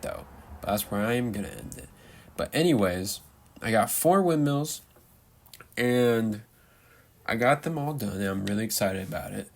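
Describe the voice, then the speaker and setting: Showing off a game build in Minecraft, a young man rambles on in playful, loose gameplay commentary. His voice sits on the low side and sounds gravelly, with slight background noise.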